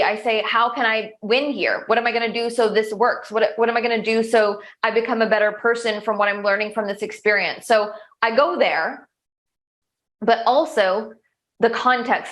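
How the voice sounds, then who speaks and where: Chatty upbeat woman, a little high. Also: a bit bright. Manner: upbeat, chatty, many likes and restarts. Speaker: coach and show host. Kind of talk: casual interview answers.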